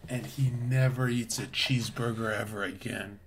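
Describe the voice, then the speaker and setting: A man's voice: mid-range voice, fairly even intonation, moderate pace, hardly any pauses, recorded from a distance, a little hiss or hum. A man streaming to his chat, ranting in a blunt, preachy way with lots of swearing. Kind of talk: livestream rant to chat.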